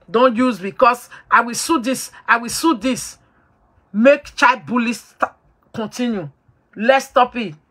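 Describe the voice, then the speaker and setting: A woman's voice: a little high, pushed and bright. A woman hosting a talk show, lecturing her listeners in an emphatic, preachy way and slipping into pidgin. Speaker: host.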